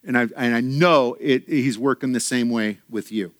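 A man preaching a sermon to his church in an animated way, acting out quoted voices and laughing often. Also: medium pitch, normal speed, dry recording, studio quality. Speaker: pastor.

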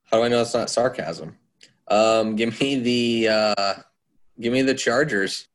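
A man's voice: mid-range voice, unhurried. A man co-hosting a casual podcast, answering trivia in a hesitant, wry way while thinking aloud. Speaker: podcast co-host, quiz contestant.

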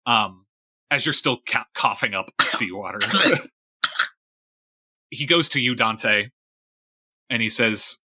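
A man narrating a tabletop role-playing game as game master, in a relaxed, halting way. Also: medium pitch, breathy edge, dry recording.

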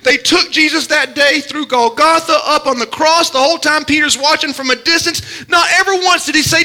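A male preacher, delivering a sermon as dramatic storytelling that swings from hushed lows to shouted pleas. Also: a little fast, hardly any pauses.

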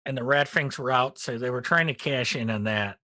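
A middle-aged man co-hosting a casual hobby podcast, relaxed and rambling with many ums, a little tired. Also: medium pitch, fairly quick, no room sound. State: tired, yawning. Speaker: podcast co-host. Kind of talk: casual hobby news chat.

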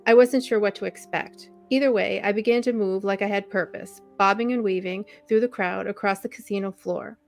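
A woman's voice: medium pitch, fairly even intonation, fairly quick, creaky, hardly any pauses, soft background music. A woman reading a first-person memoir chapter aloud as a podcast co-host.

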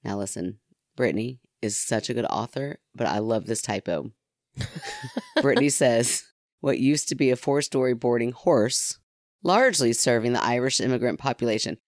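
A low-pitched woman co-host with a lively, bouncing delivery, giggling as she stumbles through a read-aloud. The sound is dry and close. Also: normal speed, no echo. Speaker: podcast co-host. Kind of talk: casual podcast banter.

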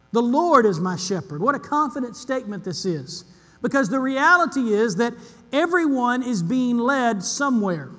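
A man's voice: high-pitched, fairly bright tone. A man preaching an earnest sermon as pastor, leaning on emphatic repetition. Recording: long hall reverb.

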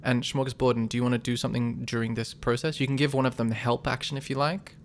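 A man runs a tabletop game at a middle pitch, plain and easygoing. He explains the rules patiently and tells the action with relish. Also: flat delivery, fast, a little hiss or hum. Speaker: game master.

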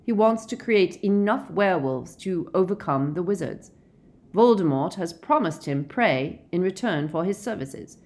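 A woman reading a calm, weary middle-aged werewolf man, measured and gentle in an audiobook. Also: on the low side, voice pushed up.

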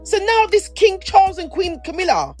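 A woman's voice: very high-pitched, very animated, moderate pace, faint music behind. A woman co-hosting a podcast, chatting casually and rambling, with lots of restarts. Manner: rambling, restarts sentences, playful. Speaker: podcast co-host. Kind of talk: casual chat.

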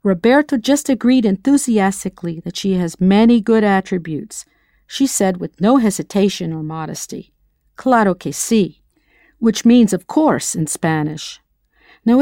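A woman's voice: mid-range voice, mellow, no room sound, clean studio sound. Woman teaching in a playful quiz style. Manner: playful, quizzing the listener with questions. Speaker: language teacher. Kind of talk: scripted audio lesson narration.

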